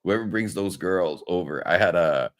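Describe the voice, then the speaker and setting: A man from Mexico with a lowish voice tells a story in a loose, profane podcast chat. He talks with energy and acts out each person's lines as he goes. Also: moderate pace. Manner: animated, profane, acts out quotes. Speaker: podcast host.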